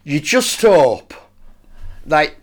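A laid-back man chatting on a podcast, who often trails off and restarts his sentences. His voice sits a little higher than most men's. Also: very animated, drawn-out words. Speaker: podcast co-host. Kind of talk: casual chat reviewing a TV episode.

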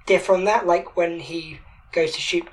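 A woman's voice: on the low side, steady tone, moderate pace, rough recording. A woman co-hosting a podcast in casual chat. She is an actor and talks enthusiastically, often restarting her sentences.

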